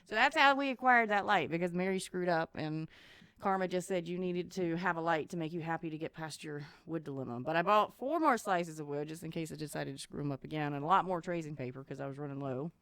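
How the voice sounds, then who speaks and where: A woman's voice: fairly low pitch, fast talker, a bit bright, clear, resonant tone, no echo. A woman, co-hosting a podcast in casual chat, rambling and laughing often. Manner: chatty, rambling storyteller who laughs often. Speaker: podcast co-host.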